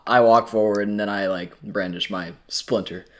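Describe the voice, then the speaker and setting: A man's voice: lowish voice, steady tone, moderate pace, a little hiss or hum. Hesitant man, new to the game. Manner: hesitant, unsure. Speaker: player. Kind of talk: playing a tabletop game.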